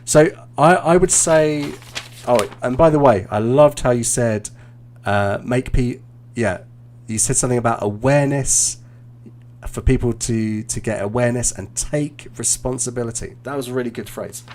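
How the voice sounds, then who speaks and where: A male English teacher giving relaxed, encouraging feedback on a mock speaking test over a live stream, with frequent fillers and restarts. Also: mid-range voice, normal speed, slight background noise. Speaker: IELTS teacher and examiner.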